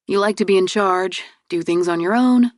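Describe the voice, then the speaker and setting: A woman's voice: mid-range voice, normal speed, no room sound, studio quality, lightly acted. A woman reader voicing a teasing, amused young prince, the heroine's twin brother, in an audiobook.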